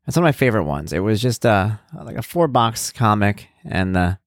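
Dad podcaster, solo mic, loose conversational ramble, dead-dry booth sound. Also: male voice, lowish voice, very animated, normal speed, no room sound. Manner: rambling, conversational, thinks aloud with fillers. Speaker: podcast host. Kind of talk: casual solo podcast monologue.

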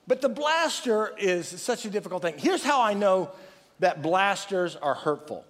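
A man preaching a sermon, passionate and loud, joking at his own expense as he improvises. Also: high voice, sing-song, moderate pace, big-room sound. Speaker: pastor.

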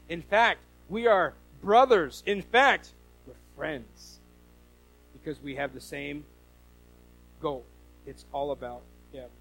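A man's voice: on the high side, a bit bright, low-quality recording. A man preaching a sermon as pastor, talking conversationally with rhetorical questions and frequent restarts.

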